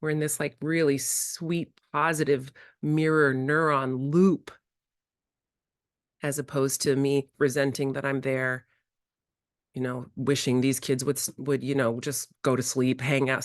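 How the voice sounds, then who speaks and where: A woman presenting a childcare workshop, who acts out playful exchanges with children in bright, high voices. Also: level tone, unhurried, dry recording, clean studio sound. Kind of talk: early childhood workshop talk. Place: indoor workshop room.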